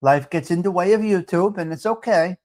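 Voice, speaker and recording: Casting note: brash male live-stream host with a high voice who talks a lot and greets viewers. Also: normal speed, darkish tone. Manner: brash, talkative, mixes in Italian phrases. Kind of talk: casual live stream chat, reading viewer comments.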